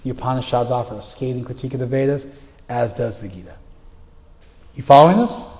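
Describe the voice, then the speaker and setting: A man's voice: mid-range voice, fast talker, a little mellow. Man teaching scripture in a reverberant room. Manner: recites verses then explains them, storytelling with acted voices. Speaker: spiritual teacher. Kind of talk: lecture on scripture. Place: class room.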